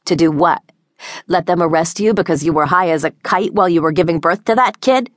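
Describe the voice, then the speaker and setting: A woman's voice: lowish voice, a little fast, dry recording, close to an everyday voice. A woman voicing a coarse, bellowing abusive mother. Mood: harsh, berating. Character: harsh, drug-addled, abusive middle-aged mother. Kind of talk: audiobook character voice. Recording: dry close studio sound.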